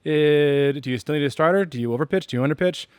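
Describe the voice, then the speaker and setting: A man's voice: a little high, quick pace, darkish tone, smooth, dry recording, clean studio sound. A man from the United States hosting a homebrewing channel, explaining casually and rambling with many fillers and self-deprecating asides.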